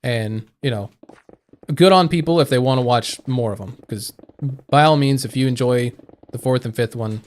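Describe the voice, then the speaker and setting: A young man chats casually on a live stream, rambling through his thoughts with fillers and false starts. His voice sits at an ordinary middle pitch. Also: normal speed. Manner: rambling, thinking aloud with fillers and restarts. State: hiccuping.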